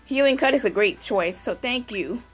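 A young woman talks over her puzzle game in a high, bouncy voice, swinging wildly up and down. She gets excitable and scolds the game with strings of no's. Faint music plays underneath. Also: moderate pace, slightly rough, poor audio. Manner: excitable, yelling at the game, repeating no. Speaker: gameplay commentator. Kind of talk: casual game commentary.

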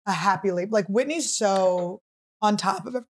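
A woman in her thirties hosting a podcast, telling a story in casual chat, animated and full of "like" fillers. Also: medium pitch, normal speed. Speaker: podcast host.

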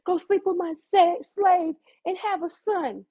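A woman's voice: very high-pitched, steady tone, measured pace, muffled recording, pitched above the performer's own voice. A woman voicing a jealous, complaining older woman, whining in a raised voice. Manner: whiny, complaining.

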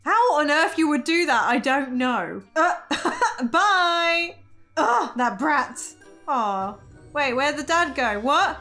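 A young woman commenting on an animated story video with giggly, incredulous running remarks. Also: high-pitched, slow pace, faint music behind. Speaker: gaming reaction YouTuber. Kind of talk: reacting to an animated story with voiced lines.

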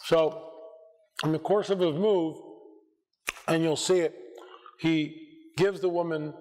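A hoarse American man telling stories from a church stage, his voice fairly high for a man. He acts out the lines of the people in his stories and keeps clearing his throat. A long hall reverb trails behind every word. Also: slow. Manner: animated, acts out dialogue, frequent restarts. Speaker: conference speaker. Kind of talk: storytelling talk to a church audience.

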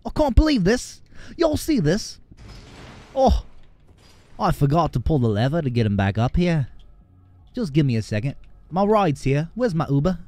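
A man putting on a shrill, squeaky comic guy. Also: very animated, normal speed, pauses often, mellow, dry recording. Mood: flustered goofy. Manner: exaggerated comic bit.

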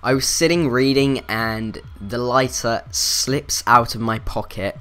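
A man's voice: mid-range voice, unhurried, a bit bright, clean tone, faint music behind. A man telling a childhood story to his viewers in a rambling, casual way full of fillers. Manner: rambling, filler-heavy, self-interrupting. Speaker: vlogger.

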